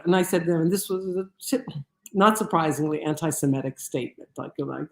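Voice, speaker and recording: Animated woman telling a story on stage. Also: deep voice, a little fast, creaky, reverberant. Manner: animated, with frequent restarts. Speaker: lecturer. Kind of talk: storytelling lecture.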